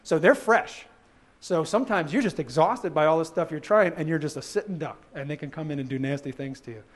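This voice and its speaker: Fast, high-voiced man giving a lively talk. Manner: animated, acts out quoted voices, laughs at own jokes. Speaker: conference speaker. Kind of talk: presentation talk.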